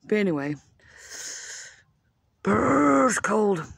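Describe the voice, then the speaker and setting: A woman's voice: mid-range voice, sing-song, slow, creaky, slightly rough, no room sound. Profane, rambling woman in her fifties. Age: 50s. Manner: rambling, profane, self-mocking. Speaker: vlogger. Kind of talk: casual rant. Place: at home.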